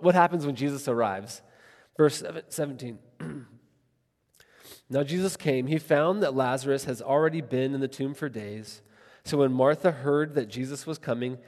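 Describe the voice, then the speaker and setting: Earnest pastor preaching in an echoing hall. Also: male voice, medium pitch, a little mellow. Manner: earnest, thinks aloud with many "like" asides. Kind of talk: conversational sermon. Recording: long reverb of a large hall.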